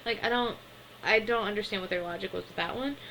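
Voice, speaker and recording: A young woman talks through a cartoon episode in a loose, chatty way, packing her sentences with fillers and small laughs. Her voice sits at an ordinary middle pitch. A faint hum of room noise stays behind her. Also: fast talker, gravelly, bright, forceful tone, rough recording. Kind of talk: casual episode recap.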